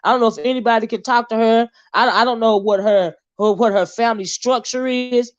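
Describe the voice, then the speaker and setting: A sassy, outspoken woman hosting a live stream, talking bluntly and swearing freely. Her voice sits a little high. The sound is dry and slightly muffled, as if from a modest mic. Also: fairly even intonation, fairly quick, dry recording. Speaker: host. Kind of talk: casual live-stream commentary.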